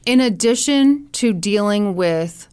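A woman co-hosting a podcast, chatting casually and reacting to a true-crime story with quick exclamations. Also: mid-range voice, expressive, a little mellow, clean tone, no echo. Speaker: podcast co-host listening. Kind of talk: casual chat.

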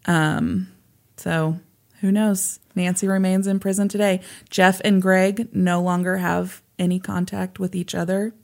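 A woman's voice: lowish voice, little pitch movement, unhurried, vocal fry, darkish tone. A woman co-hosting a casual true-crime podcast, blunt and teasing, swearing casually. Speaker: podcast co-host.

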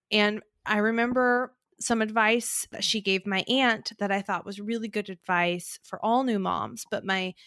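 A woman's voice: mid-range voice, a bit bright, clean tone, no room sound, studio quality. Earnest woman podcast host. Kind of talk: casual heartfelt podcast talk.

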